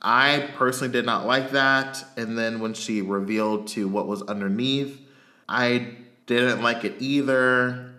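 Bright-voiced man giving blunt opinions. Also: mid-range voice, fairly even intonation, unhurried. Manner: frank, hesitant restarts, blunt verdicts. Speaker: podcast co-host. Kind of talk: casual chat reviewing a reality show.

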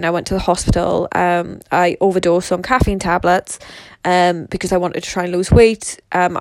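A woman's voice: medium pitch, dry recording. Chatty, swearing young woman. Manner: rambling, swears freely, lots of "like" and "you know". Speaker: social media creator. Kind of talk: casual solo monologue.

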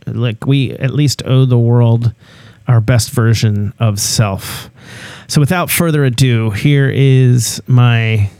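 A man's voice: medium pitch, takes it slowly, a little mellow, smooth, dry recording. A man in his forties hosting a podcast, chatting in an easygoing, rambling way with lots of fillers. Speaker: podcast host. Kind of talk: casual interview chat.

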